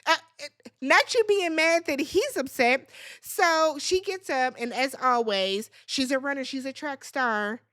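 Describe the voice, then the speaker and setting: A woman's voice: sits high, a little slow, a bit bright. A woman hosting a reality TV recap, talking in a blunt, sassy and profane way. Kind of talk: casual recap commentary.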